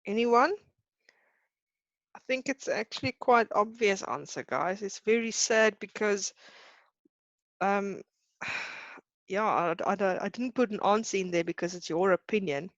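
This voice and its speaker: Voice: mid-range voice, measured pace, a bit bright, no echo, muffled recording. A teacher giving a live online lesson, talking in a hesitant, reassuring way with many fillers.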